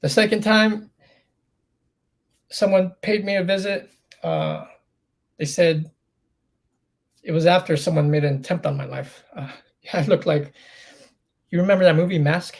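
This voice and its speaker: Podcast guest, middle-aged man, gravelly and slightly high voice, earnest storyteller. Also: big pitch swings, a little slow, pauses often. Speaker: interview guest. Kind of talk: candid storytelling in a podcast interview.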